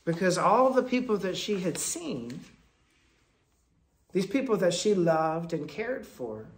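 A man delivering a Quaker sermon in a storytelling manner, moving between loud bursts and soft, low asides. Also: big pitch swings, slow pace. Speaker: speaker at a Quaker meeting.

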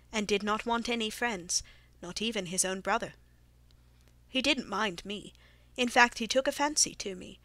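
A woman reads a classic mystery audiobook aloud in a measured, even manner. Her voice sits a little high, and the recording is dry and close with no room sound. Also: no echo. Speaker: audiobook reader. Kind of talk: scripted narration.

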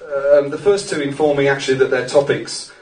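A man's voice: medium pitch, brisk. A man hosting a live club evening, introducing the first speaker in a hesitant way full of ums and uhs. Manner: hesitant, filler-heavy, warm toward the speaker. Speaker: event host introducing a speaker. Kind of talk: casual stage introduction. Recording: echoey room, distant mic, faint noise.

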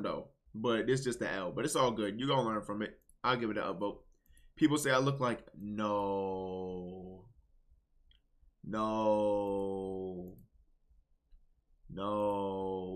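A man streaming casual reaction commentary, blunt, swinging between low muttering and loud outbursts.

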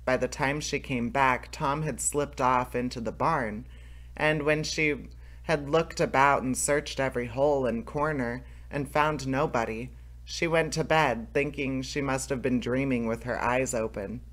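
A man reading a fairy tale aloud as narrator, steady, with small restarts. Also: mid-range voice, a little slow. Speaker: storyteller, channel host.

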